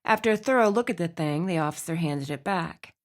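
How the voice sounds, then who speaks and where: A woman reading a romance novel aloud as audiobook narrator, with expressive storytelling. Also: fairly low pitch, a little fast. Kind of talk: scripted narration.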